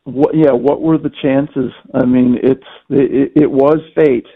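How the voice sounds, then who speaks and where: Man, casual phone guest, hesitant and repetitive; gravelly, husky, phone-thin sound. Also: mid-range voice, fairly even intonation, a little slow. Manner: hesitant, repeats words as he restarts. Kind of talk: casual conversation. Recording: tinny phone line.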